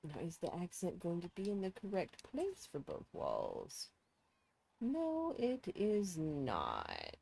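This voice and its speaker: A woman chats through a building-game stream, her low voice swinging widely in pitch. She thinks aloud and teases herself as she works. A sore throat roughens her talk. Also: huge pitch swings, slow pace, mellow. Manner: chatty, self-mocking, thinking aloud.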